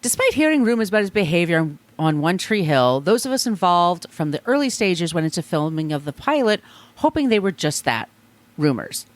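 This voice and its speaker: A chatty woman with a low voice talks through a story on a podcast. She reads a long statement aloud and breaks off for blunt, profane asides. The sound is dry and close. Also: very animated, fairly quick, no room sound. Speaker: podcast co-host. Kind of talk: casual chat, reading a statement aloud.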